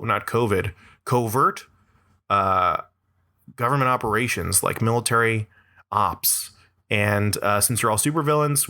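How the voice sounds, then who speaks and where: Bright-voiced rambling young comic host. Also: male voice, mid-range voice. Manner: rambling, sarcastic, laughs between lines. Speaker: podcast host. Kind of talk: casual comedic monologue.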